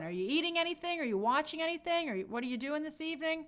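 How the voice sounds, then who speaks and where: A young woman hosting a casual live stream, reading viewer comments aloud and chatting in an animated way with many fillers. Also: high voice, quick pace, few pauses. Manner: chatty, animated, lots of fillers and quoted asides.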